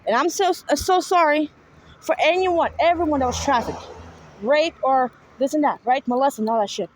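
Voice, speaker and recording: A woman's voice: sits high, normal speed, a little hiss or hum, rough recording. A woman with a New York accent talking to viewers in a rambling, profane, repetitive monologue, speaking from a car. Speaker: spiritual vlogger.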